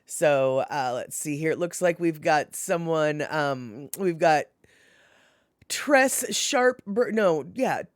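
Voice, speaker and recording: A woman hosting a live stream, chatting casually and reading out chat messages, animated and laughing often with lots of fillers. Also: sits low, slow pace, few pauses, dry recording. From Washington state. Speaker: livestream host reading chat.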